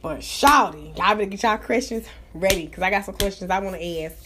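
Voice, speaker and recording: A woman hosting her own live talk show, chatting casually in an animated, profane, gossipy way. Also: medium pitch, brisk, noisy background. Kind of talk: casual chat.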